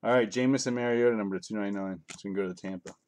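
A middle-aged man runs a live card break, reading cards aloud and trading offhand jokes with his viewers in casual stream chat. His voice sits on the low side with fairly even intonation, and he talks very fast over background noise.

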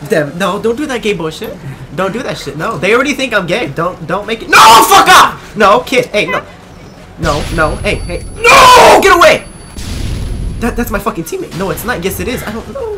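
Foul-mouthed, lively gamer yelling at players. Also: mid-range voice, a little fast, heavy background noise. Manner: swears constantly, pleads and yells at other players. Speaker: gaming YouTuber. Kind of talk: live gameplay commentary.

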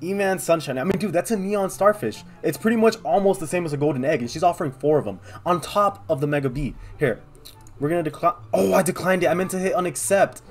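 A young man rattles through his gameplay in quick, excitable commentary. He thinks out loud and keeps turning to his viewers. His voice sits a little high, with soft guitar music underneath. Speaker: gaming video host.

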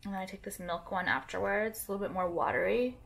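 A woman's voice: mid-range voice, quick pace, creaky, a bit bright. A young woman vlogging casually to camera while doing her makeup, rambling with lots of fillers and casual swearing.

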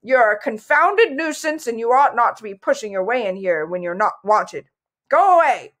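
A woman's voice: on the high side, expressive, moderate pace, natural voice. Huffy storybook dragon, cross and pompous, read by a woman. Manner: huffy and indignant. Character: cross, pompous olive-green dragon, easily annoyed.

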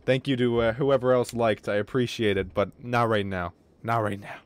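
A young man commentating his game on a livestream, excitable and swearing, with quick outbursts of frustration. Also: mid-range voice, clear, resonant tone. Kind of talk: casual gaming livestream commentary.

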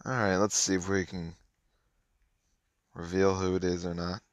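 A man with a very low, deep voice mutters offhandedly through a mobile card game, keeping his commentary relaxed and conversational. He talks at normal speed, and the recording is dry, close, and dull, with no room around it.

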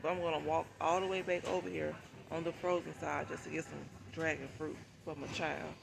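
Woman vlogger, gravelly voice, chatty and price-conscious, phone recording with loud store noise behind her. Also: deep voice, flat delivery, brisk. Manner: chatty, thinks aloud about prices. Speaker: shopping vlogger. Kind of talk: casual chat to viewers while shopping. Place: large supermarket, indoors. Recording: noisy store background.

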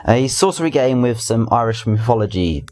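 A man's voice: mid-range voice, expressive, normal speed, a little mellow. A young man hosting a casual weekly gaming news roundup, chatty and rambling, with restarts and asides. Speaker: gaming video host.

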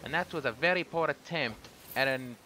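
Australian male streamer, very bright tone, chatty and swears when frustrated, faint hiss behind. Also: medium pitch, fairly quick. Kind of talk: casual live game commentary. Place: home room with fireworks outside.

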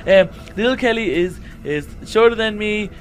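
A man plays a nervous young shark hero in a Minecraft role-play, with a high, boyish voice that keeps rambling and stammering. Soft music hums behind him. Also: normal speed, close to an everyday voice. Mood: flustered rambling. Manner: panicky, rambling, yelps and stammers when scared. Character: anxious, talkative young male shark hero.

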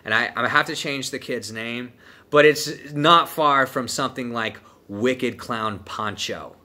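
Laid-back young man with a bright voice. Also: mid-range voice, unhurried. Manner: profane, laid-back, full of "dude" and "man". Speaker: vlogger telling a trip story. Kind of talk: casual storytelling.

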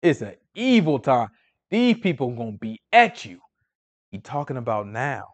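Animated slangy Bible teacher man. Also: mid-range voice, moderate pace. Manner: animated, preachy, slangy and conversational. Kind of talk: informal Bible study teaching.

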